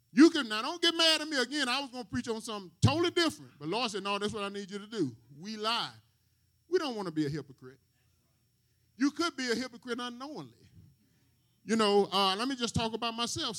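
A man preaching from the pulpit with an unusually high, sharp voice. He talks plainly and casually, and he keeps checking in with the congregation with questions like "right?" His tone is bright and forceful throughout. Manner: call-and-response preaching, asks the congregation questions. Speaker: pastor. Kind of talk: sermon.

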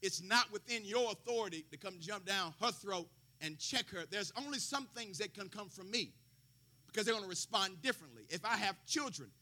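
A man's voice: high-pitched, lively intonation, brisk, sharp tone. A man preaching a sermon, quoting scripture with folksy asides and rising fervor. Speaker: pastor.

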